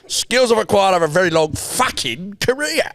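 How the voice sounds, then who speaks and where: A man's voice: high-pitched, big pitch swings, normal speed, a bit bright, no room sound, pitched above the performer's own voice, exaggerated voice. A man putting on a brash tough-guy voice, swearing and tagging lines with "right?". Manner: swears constantly, punchy "right?" tags.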